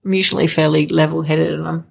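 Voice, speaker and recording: A woman's voice: low voice, level tone, fast talker, vocal fry, husky. A middle-aged woman telling her own story in an interview, hesitant, with many fillers and restarts. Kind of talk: candid personal storytelling.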